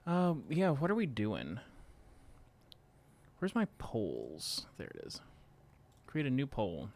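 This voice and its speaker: A man's voice: medium pitch, huge pitch swings, takes it slowly, darkish tone. A man streaming from home, chatting casually and rambling playfully while setting up a poll.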